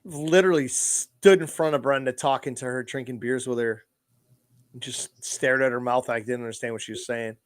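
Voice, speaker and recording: A man co-hosting a podcast, talking casually with animated, profane bursts of emphasis. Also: mid-range voice, brisk. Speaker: podcast co-host.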